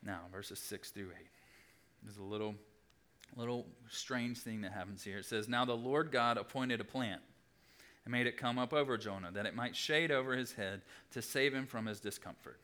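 A young adult man preaching a sermon, animated, acting out the people in the story with big jumps in his voice. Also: moderate pace. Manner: animated, acts out voices with big pitch swings. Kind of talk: sermon teaching.

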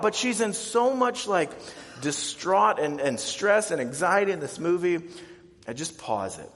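A man in his thirties preaches with lively, theatrical energy, often jumping up into loud, panicky character voices before dropping back down to a soft, close tone. His voice sits a little higher than most men's. The sound rings with the long reverb of a large sanctuary. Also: moderate pace. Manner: animated storytelling, acts out scared voices with big swings in pitch and volume. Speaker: pastor. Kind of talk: sermon.

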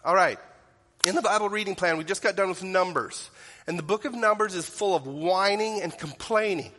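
A man preaching a sermon, earnest and direct as he puts questions to the people in front of him. His voice sits a little high and rings bright and forceful. The sound carries the long reverb of a large church sanctuary. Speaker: pastor.

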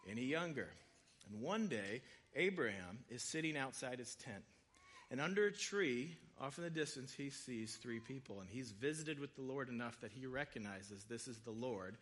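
A man giving a sermon, retelling scripture stories in a casual, conversational way with quick voiced asides. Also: medium pitch, fairly bright tone. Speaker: preacher.

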